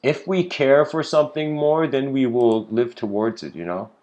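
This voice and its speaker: A man giving a casual lecture in a rambling, relaxed way, often laughing and saying "you know". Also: medium pitch, moderate pace.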